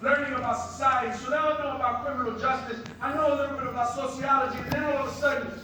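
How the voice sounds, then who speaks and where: A middle-aged man, a social worker, giving a motivational speech and telling stories with passion that rises to loud emphasis. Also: extremely high pitch, steady tone, fast talker. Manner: impassioned storytelling, rising to loud emphasis. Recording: very echoey hall, distant mic, faint noise.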